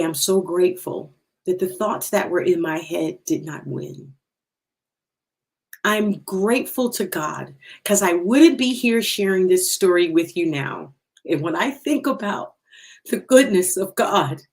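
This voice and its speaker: A middle-aged woman with a fairly low voice hosts a livestream and shares an emotional personal testimony. She speaks slowly and from the heart, repeating phrases for emphasis as her voice sometimes breaks.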